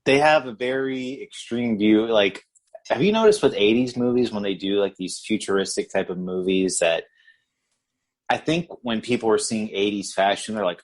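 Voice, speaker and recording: Low-voiced man, rambling movie chat. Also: normal speed. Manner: rambling, full of restarts and "like". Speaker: podcast co-host. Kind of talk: casual movie review chat.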